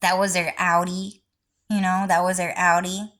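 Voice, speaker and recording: A woman vlogging in a rambling, profane monologue, repeating herself and swinging between low mutters and shrill high outbursts. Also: flat delivery, moderate pace, a bit bright.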